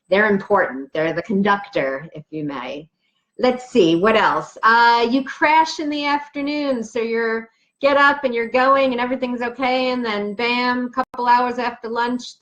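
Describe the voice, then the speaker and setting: A woman's voice: medium pitch, a bit bright. A woman naturopathic doctor giving an explanatory health talk to camera, chatty and emphatic, working through questions from her notes.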